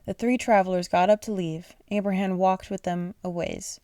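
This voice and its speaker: A woman's voice: medium pitch, steady tone, moderate pace, warm tone, no echo. Sleepy woman reading bedtime bible stories. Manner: sleepy, yawning, often apologizing and stumbling over words. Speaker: reader.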